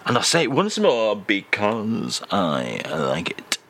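Comic radio host, male, mock-grand and rambling, bright tone. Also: on the low side, slow, husky. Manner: mock-pompous, rambling, deadpan.

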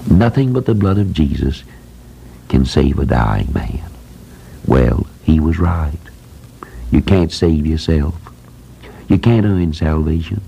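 Deep gravelly older preacher. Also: male voice, animated, takes it slowly, pauses often, mellow, slight background noise, rough recording. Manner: plain folksy preaching, repeats phrases for emphasis. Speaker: preacher who runs a Christian school. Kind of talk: sermon.

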